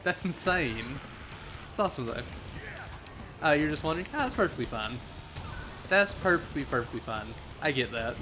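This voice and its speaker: A man's voice: fairly high pitch, animated, normal speed, pauses often, background noise. A man from the Southern United States chatting casually on a gaming livestream, rambling, answering chat and laughing often.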